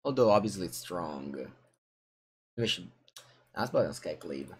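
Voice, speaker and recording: A man with an Italian accent streaming a card game, thinking aloud in low mutters with sudden excited outbursts. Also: moderate pace, husky. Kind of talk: live gameplay commentary.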